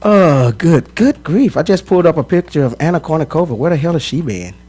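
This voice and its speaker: A man's voice: a little high, big pitch swings, a little fast, darkish tone, husky. A man co-hosting a casual chat who jokes about himself and acts put upon. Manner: joking, self-mocking. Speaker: co-host.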